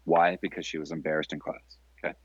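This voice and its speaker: Very deep-voiced rambling young man. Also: flat delivery, fast talker, dull audio, a little hiss or hum. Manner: rambling, hesitant storytelling with fillers. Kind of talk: casual comedic banter.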